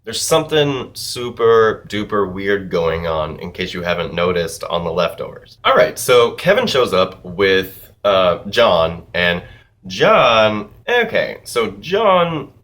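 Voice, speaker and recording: Male TV reviewer, low voice, casual, profane, animated rambling. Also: takes it slowly. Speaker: TV episode reviewer.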